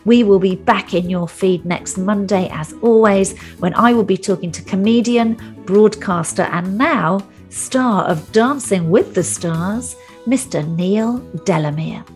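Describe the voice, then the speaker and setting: A woman's voice: mid-range voice, unhurried, darkish tone, soft background music. A woman hosting a podcast, making wry joking asides between questions and in her outro. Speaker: podcast host.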